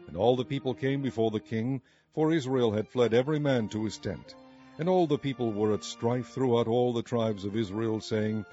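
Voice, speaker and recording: A man reading scripture aloud in a measured, deliberate manner. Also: mid-range voice, mellow. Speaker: scripture reader. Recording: slightly muffled recording with faint music.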